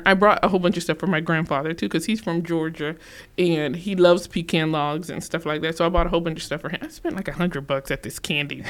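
A woman who owns a bakery, telling stories as a guest in a casual chat, laughing often. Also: on the low side. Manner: chatty storyteller, laughs often. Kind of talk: casual conversation.

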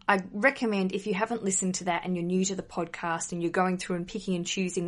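A woman hosting a wedding advice podcast, chatty and emphatic, blunt with some mild swearing. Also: medium pitch.

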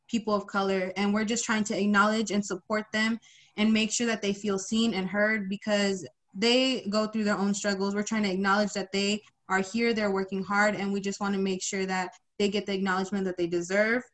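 A woman's voice: mid-range voice, little pitch movement, normal speed, fairly bright tone. A young woman hosting a podcast, upbeat and chatty, with lots of fillers. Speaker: podcast host.

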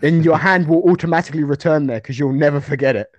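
A man's voice: on the high side, fast talker, no echo, muffled recording. Storytelling guy, dry mic. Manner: animated storytelling with restarts. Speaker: guest fighter. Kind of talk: casual podcast chat.

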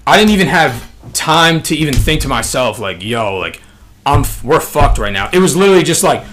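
A man's voice: on the high side, a little fast, faint music behind. Slangy, profane young man telling a story. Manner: slangy, profane, animated storyteller, full of fillers. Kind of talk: casual storytelling chat.

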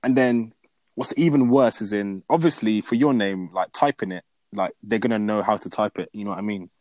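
Low-voiced young man, dry sound. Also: fairly quick, no room sound. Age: young adult. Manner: animated, repeats words while ranting. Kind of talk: casual chat.

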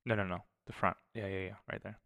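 A man's voice: low-pitched, level tone, quick pace, creaky, sharp tone, no room sound. A young man co-hosting a podcast with his wife, easygoing and thinking aloud with fillers. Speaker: podcast co-host. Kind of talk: casual chat. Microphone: close studio mic.

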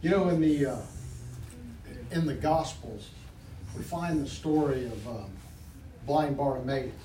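A man's voice: mid-range voice, measured pace, warm tone. A man preaching as pastor, praying and telling a story fervently, often repeating praise words and restarting phrases. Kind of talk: sermon with spoken prayer. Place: church sanctuary. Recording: echoey room, far from mic, faint background noise.

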